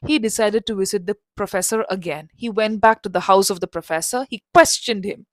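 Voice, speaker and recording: A woman tells a story for learners in a loose, chatty way. Her pitch sits in the middle. The sound is dry and close to the mic. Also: fairly quick, no room sound. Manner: conversational, with restarts and asides. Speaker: storyteller and English teacher.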